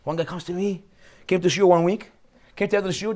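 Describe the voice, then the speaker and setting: A rabbi from Brooklyn with a Brooklyn accent, teaching a lively Torah class, joking and firing off rhetorical questions. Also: male voice, high voice, quick pace, long pauses, a little hiss or hum. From Brooklyn, United States.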